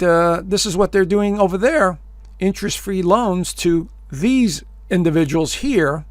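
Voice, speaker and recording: A man's voice: fairly high pitch, no room sound. A man hosting his own astrology video show, giving casual, emphatic commentary straight to his viewers with plenty of fillers and repeated phrases. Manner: emphatic, addresses listeners as folks.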